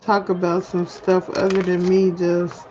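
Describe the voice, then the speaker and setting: A woman's voice: lowish voice, monotone, unhurried, dark tone, a little hiss or hum. A woman hosting a solo livestream, talking candidly and chattily to her viewers and laughing at herself, recorded at home. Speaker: livestream host. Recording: dull lo-fi livestream audio.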